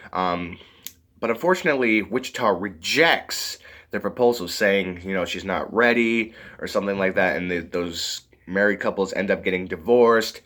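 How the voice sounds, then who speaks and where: Low-voiced man, lively rambling review. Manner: rambling, full of fillers, giggles often. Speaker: movie reviewer. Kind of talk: casual video review.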